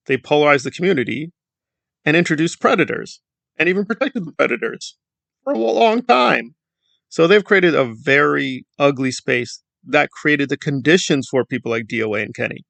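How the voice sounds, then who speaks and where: A man with a gravelly, somewhat high voice delivers sarcastic, lecturing commentary. He speaks emphatically and leans on repetition. The sound is dry and close. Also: fairly bright tone, dry recording. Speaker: YouTube commentator. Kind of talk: opinion commentary vlog.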